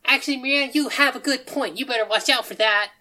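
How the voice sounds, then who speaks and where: A woman's voice: high-pitched, fast, pitched above the performer's own voice. A woman voicing a cheerful, oddball young male sushi maker who talks breezily about grim things. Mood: breezy. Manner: chirpy, rambling, a bit deadpan about grim things.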